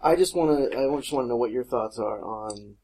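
A man hosts a loose, casual podcast chat with a husky voice. He rambles, swears casually and laughs often. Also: mid-range voice, brisk, mellow. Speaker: podcast host.

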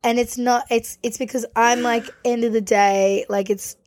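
A woman's voice: fairly high pitch, fairly even intonation, normal speed, darkish tone. A woman co-hosting a podcast in casual chat, bantering in a playful, jokey way over a call. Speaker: podcast co-host. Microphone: remote call recording.

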